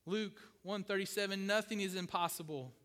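A man's voice: sits high, normal speed, fairly bright tone, big-room sound. A middle-aged man preaching a sermon, emphatic, repeating key phrases and asking his congregation questions. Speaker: pastor.

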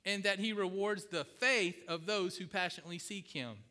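A middle-aged male pastor delivers a sermon in a bright, forceful voice pitched a little high. He hammers home repeated phrases and keeps asking his listeners questions. The recording carries the long reverb of a large church hall. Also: normal speed. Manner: emphatic, repeats key phrases, asks the congregation questions.

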